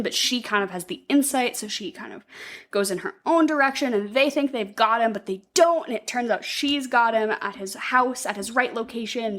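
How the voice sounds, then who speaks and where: A fairly high-voiced woman tells a film's story in a loose, rambling run of talk. She swears often and jumps into quick put-on voices for the characters as she goes. It sounds like a casual podcast chat between friends. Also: fairly bright tone. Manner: rambling, profane, acts out quotes in put-on voices. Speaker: podcast co-host. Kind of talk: casual movie recap chat.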